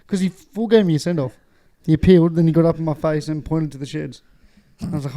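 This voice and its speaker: Laughing man with a mellow voice. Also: a little high, steady tone, fast talker, few pauses. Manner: laughing, swearing banter, acts out quotes. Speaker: podcast co-host. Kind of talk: casual chat.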